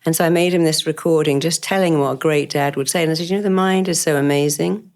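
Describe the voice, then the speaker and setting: A woman guest, a therapist, telling animated stories from her work in an interview. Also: low-pitched, fast talker. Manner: animated, emphatic, quotes herself. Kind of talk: interview storytelling.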